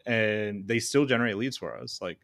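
A man's voice: lowish voice, normal speed. A man hosting a podcast, chatting easily and asking his guest questions. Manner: relaxed, conversational, asks questions. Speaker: podcast host. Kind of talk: casual interview talk.

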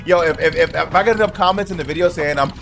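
A young man streaming a driving game, talking casually and cursing excitedly at other players. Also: on the high side, fast talker, vocal fry. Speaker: gaming streamer. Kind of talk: casual gameplay commentary. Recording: loud game engine noise behind. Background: car engine and game sounds.

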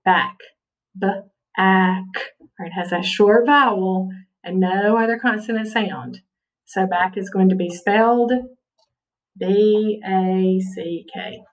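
A woman's voice: medium pitch, a little slow, far from the mic, rough recording. A woman teaching a spelling lesson, patiently sounding out words and checking in with her students often. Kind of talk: spelling lesson over slides.

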